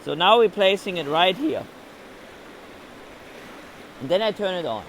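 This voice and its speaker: High-voiced man explaining outdoors by a river. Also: lively intonation, unhurried, fairly bright tone, a little hiss or hum. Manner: explains each step as he goes. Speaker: vlogger testing recording gear. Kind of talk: casual outdoor field-recording vlog. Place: outdoors by a river shore with waves.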